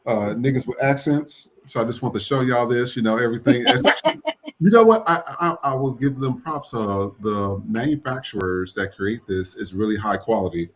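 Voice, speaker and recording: A man's voice: mid-range voice, moderate pace, few pauses. Laid-back chatty man host. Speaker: podcast host. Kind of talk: casual podcast chat.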